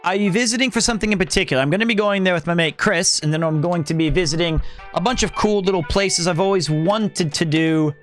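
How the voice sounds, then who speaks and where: High-voiced chatty male streamer. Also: fast talker, soft background music. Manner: rambling, chatty, answers chat, corrects himself. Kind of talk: casual live-stream chat while gaming.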